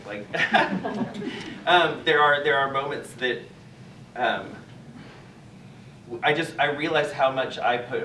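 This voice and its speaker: A man's voice: lowish voice, a bit bright. A man speaking earnestly as a guest at a church panel, reflecting on listening and self-acceptance. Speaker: drag nun guest. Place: large echoey church sanctuary. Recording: echoey room, distant mic, background noise.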